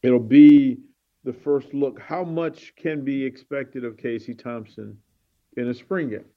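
A man's voice: mid-range voice, steady tone, measured pace, muffled recording. A man hosting a sports talk show, chatting casually and leading his co-host with questions.

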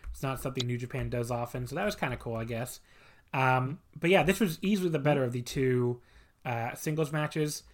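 A man's voice: mid-range voice, brisk, slight background noise. A man co-hosting a podcast, casually reviewing wrestling matches in a blunt, opinionated way and swearing freely. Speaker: podcast co-host.

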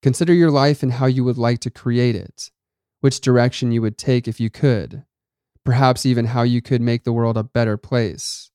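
A man voicing a serene otherworldly woman in white who questions calmly and speaks sternly, in a storybook reading. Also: mid-range voice, smooth, dry recording, clean studio sound, close to an everyday voice. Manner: calm, measured questioning.

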